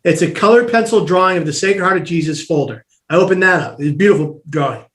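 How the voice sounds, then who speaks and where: A man with a high voice tells his own story as a guest on a talk show. He speaks in an animated way, slips into the voices of the people he describes, and restarts his sentences as he goes. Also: quick pace. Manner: animated, acts out quoted voices, restarts often. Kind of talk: personal storytelling in an interview.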